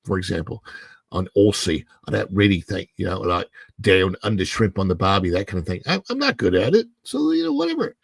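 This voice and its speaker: A man's voice: lowish voice, sing-song, a little fast, gravelly, husky, no echo. A man hosting a solo livestream, giving emphatic, opinionated commentary with frequent halts and restarts. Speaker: host.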